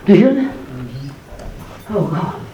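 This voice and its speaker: A man's voice: animated, slight background noise. Male preacher, fervent sermon, echoey church recording. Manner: builds from low, measured speech to high, shouted preaching. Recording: echoey church room, far from mic, congregation.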